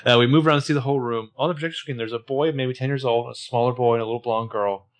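A man with a mid-pitched voice chats loosely, full of ums and jokes. He sounds relaxed and easygoing. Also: rapid-fire. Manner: laid-back, jokey, lots of fillers. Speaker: podcast co-host. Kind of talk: casual chat.

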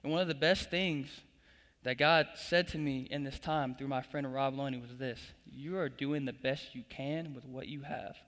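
A man's voice: mid-range voice, steady tone, normal speed, fairly bright tone. A young man preaching a sermon, building up with emphatic repetition and calling the congregation to repeat after him. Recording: long echo of a large hall.

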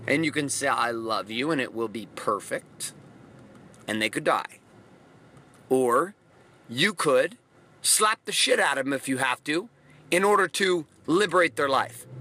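Forceful, bright-voiced man preaching tough love. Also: high voice, slight background noise. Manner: forceful, blunt and emphatic, with repeated phrases. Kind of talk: motivational monologue.

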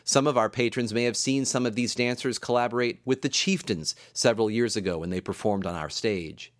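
A male composer giving a recorded spoken lecture on dance rhythms, measured and explanatory, counting beats aloud in a softer voice. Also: mid-range voice, no echo, clean studio sound. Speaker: composer and music teacher. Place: room in campus music building.

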